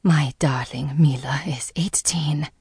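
A woman doing a meek, hushed mother. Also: deep voice, unhurried, slightly rough, dry recording, clean studio sound, heavily acted. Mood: tender hushed. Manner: gentle, hushed, half-whispered. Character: soft-spoken meek mother in her forties.

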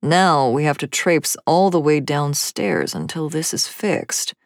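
A woman voicing a tall, affectionate father who speaks in a low, easy, gently amused way in a storybook reading. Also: big pitch swings, unhurried, no room sound, studio quality. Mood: fond.

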